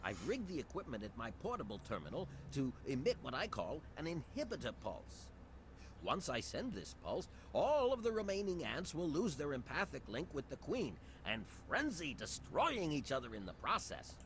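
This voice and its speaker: A man's voice: fairly high pitch, wildly swooping pitch, moderate pace, a bit bright, a little hiss or hum. An actor playing a fussy, self-important male mad scientist in a video game, with a stereotypically nerdy voice and a pompous, long-winded manner. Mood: prim, fussy.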